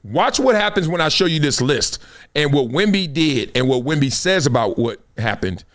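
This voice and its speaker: Animated middle-aged male sports host. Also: normal speed. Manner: animated, laughing, jumps to high exclaims. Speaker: show host. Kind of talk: casual live-stream sports talk.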